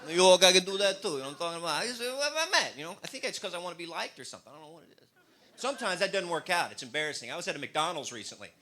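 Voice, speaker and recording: A man from the American Midwest doing stand-up comedy, playfully jumping into loud, goofy voices. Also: on the high side, lively intonation, very fast.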